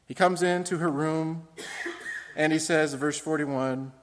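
A male pastor preaching a morning sermon. He tells the stories dramatically, asks the congregation questions and swings between loud and quiet. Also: fairly high pitch, steady tone, measured pace. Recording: long hall reverb.

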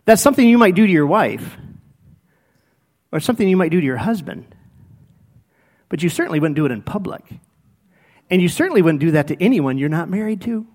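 A man's voice: sits high, fairly quick, pauses often. A middle-aged male pastor preaching a sermon, telling personal stories and acting out what people said. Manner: animated storytelling, acts out quoted speech.

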